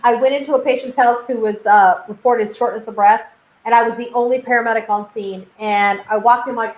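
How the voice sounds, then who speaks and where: A woman hosting a casual livestream chat, telling lively stories with frequent laughter and swearing. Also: on the high side, fairly quick, reverberant, rough recording. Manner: animated storyteller, swears and laughs often. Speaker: host.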